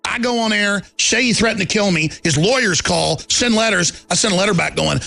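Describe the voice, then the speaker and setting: A middle-aged man hosting a talk show, delivering an impassioned monologue with emphatic swings from quiet storytelling to loud defiance and acting out the people in his stories. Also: high-pitched, quick pace, vocal fry, few pauses, soft background music. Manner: acts out quoted people in the stories.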